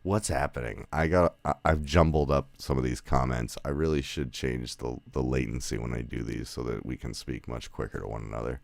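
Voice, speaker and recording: This man's bass voice is gravelly and steady, moving briskly with few pauses and no echo. As a podcast host talking casually with guests on an audio call, he rambles, corrects himself as he goes, and laughs a lot.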